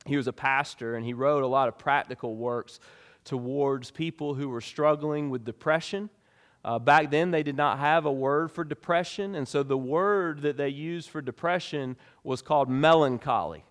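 A man preaching a sermon as pastor, with emphatic delivery that rises and drops sharply in pitch and volume. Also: in a large hall.

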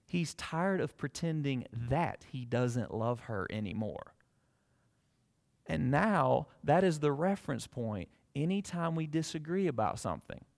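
Impassioned preacher in a big hall. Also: male voice, medium pitch, very animated, measured pace, creaky. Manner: conversational storytelling that swells to loud impassioned scripture reading. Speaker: pastor. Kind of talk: sermon.

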